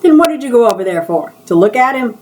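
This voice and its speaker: A woman voicing a sharp-tongued, nosy woman hairdresser who teases and pries. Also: on the low side, fairly even intonation, brisk, far from the mic, close to an everyday voice. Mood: needling. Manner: prying, mocking.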